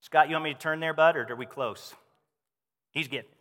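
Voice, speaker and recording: Guy preaching, high bright voice, chatty and animated, big reverby church hall. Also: fairly quick. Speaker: pastor. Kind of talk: sermon.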